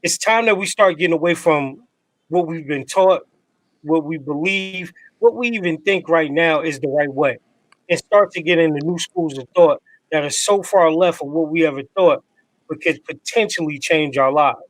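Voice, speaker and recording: A laid-back man with a New Jersey accent co-hosts a podcast, drawing out key words slowly. His voice sits a little high. The recording is dry and close. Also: no echo, rough recording. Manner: laid-back, slangy, drawn-out emphasis. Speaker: podcast co-host. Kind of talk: casual chat and motivational segment.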